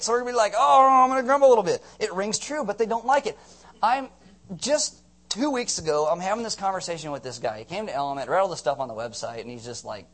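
High-voiced animated male preacher. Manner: animated, joking, acts out voices and quotes. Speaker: pastor. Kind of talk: sermon.

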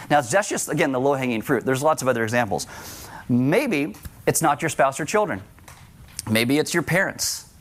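Middle-aged male pastor, conversational sermon with humor, slightly higher voice. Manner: conversational, joking asides to the congregation.

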